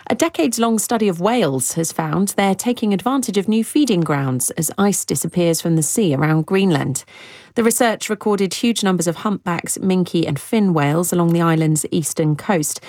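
A woman reading a scripted news bulletin in a measured, even way. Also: lowish voice, dry recording. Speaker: newsreader.

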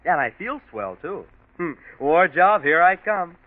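A man's voice: medium pitch, expressive, moderate pace, natural voice. A young man acting a jittery, eager customer with an emphatic manner in an old radio advertisement. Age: young adult. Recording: tinny scratchy old radio broadcast.

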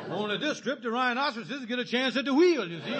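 A high-voiced scheming husband on old radio. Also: male voice, exaggerated voice. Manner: wisecracking, stammering when cornered. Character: scheming fast-talking middle-aged husband, wheedling. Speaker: lead comic character. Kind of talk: 1950s radio comedy acting. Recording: scratchy old radio recording with hiss.

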